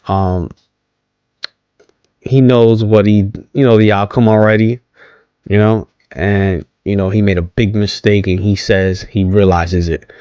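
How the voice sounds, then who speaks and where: A man's voice: lowish voice, warm tone, dry recording, dull audio. A man casually recapping a wrestling show, rambling with many ums, restarts and questions to viewers. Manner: rambling, hesitant, many ums and self-corrections; asks viewers to comment.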